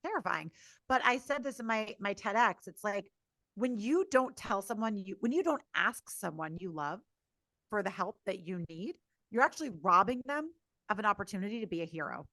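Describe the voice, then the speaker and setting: A woman talking as a podcast guest and coach, energetic and blunt, swearing casually in candid conversation. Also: medium pitch, normal speed, no echo.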